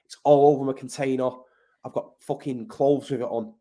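A man's voice: mid-range voice, steady tone, fairly quick, mellow. Blunt, sweary English man. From Manchester, UK. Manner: blunt, sweary, emphatic, keeps saying mate. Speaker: podcast guest. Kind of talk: casual conversational interview.

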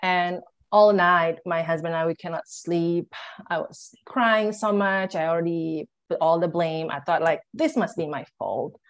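Speaking as an interview guest, a young woman recounts her own story in a fairly low, steady voice, a little slowly. She performs the things she and others said and leans heavily on fillers like "like" and "you know," her phrasing loose and conversational.

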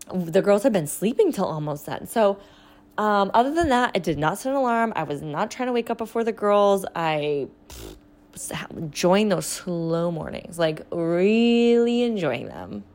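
Woman, 30s, solo podcast host. Casual and chatty, lots of laughing asides. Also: medium pitch. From Florida. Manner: chatty and animated, laughs often, quick asides.

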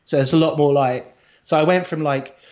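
A man's voice: on the high side, moderate pace, a little mellow, dull audio. A middle-aged British man from the Isle of Wight, talking casually and thoughtfully as an interview guest, with fillers and restarts. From Isle of Wight, England. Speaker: guest, agency co-founder.

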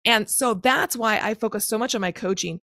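A woman's voice: fairly high pitch, normal speed, a bit bright, dry recording, clean studio sound. A woman coach in her thirties, a guest on a podcast interview, explaining things step by step with examples and analogies. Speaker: guest, macro-counting coach.

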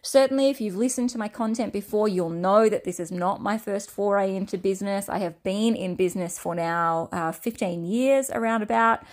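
A woman's voice: mid-range voice, moderate pace, few pauses. A woman in her thirties with an Australian accent, hosting a solo podcast in a chatty, enthusiastic way with frequent fillers and restarts. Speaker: podcast host. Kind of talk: casual solo podcast talk.

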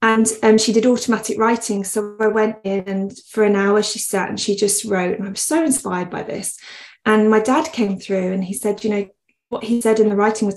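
An earnest woman talks as a podcast guest, wandering from thought to thought and breaking into laughter often. Her voice sits at an ordinary middle pitch for a woman. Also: steady tone, normal speed, a little mellow. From West Midlands, England. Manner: earnest, rambling with frequent laughs. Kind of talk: conversational podcast interview.

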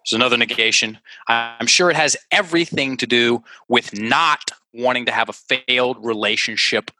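A man talks as a guest on an interview show, explaining his ideas with quick examples. His voice has a bright, forceful edge, and he often doubles up words as he works through a thought. The sound is close and dry, without any room echo. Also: medium pitch. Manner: animated, repeats words while working through examples. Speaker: interview guest, language coach. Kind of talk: conversational interview, teaching by example.

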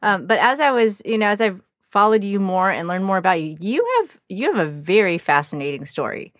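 A woman's voice: medium pitch, animated, fairly quick, no room sound, studio quality. A woman in her thirties hosting a podcast for mothers, talking in an earnest, encouraging, heartfelt way. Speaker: podcast host. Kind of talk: warm scripted intro and casual podcast chat.

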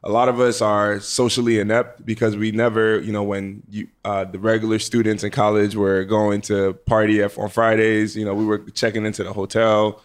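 A man's voice: fairly low pitch, little pitch movement, normal speed, hardly any pauses. A man in his twenties, a pro football player guest, talking thoughtfully with many fillers. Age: 20s. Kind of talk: casual interview.

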